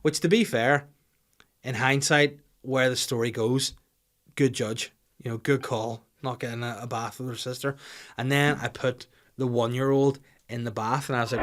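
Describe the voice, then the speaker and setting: Brief: male comic, mid pitch, rambling and excitable with lots of swearing, podcast monologue. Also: moderate pace. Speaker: comedian podcast host.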